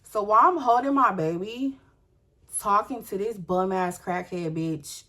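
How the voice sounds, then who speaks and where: A young woman telling a storytime vlog. She is animated and profane and speaks straight to her viewers in a candid way. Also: medium pitch, measured pace.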